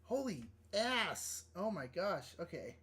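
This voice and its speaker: A man hosting a live drawing stream, chatting casually and rambling, easily excited and flustered. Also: high voice, takes it slowly, husky. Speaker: livestream artist host. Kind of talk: casual livestream chat while drawing.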